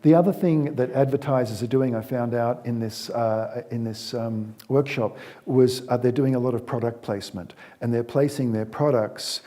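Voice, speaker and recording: Mellow-voiced man telling a story. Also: medium pitch, moderate pace. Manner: conversational, with frequent restarts and repeated words; acts out the scenes he retells. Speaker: speaker on parenting. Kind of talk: storytelling talk to an audience.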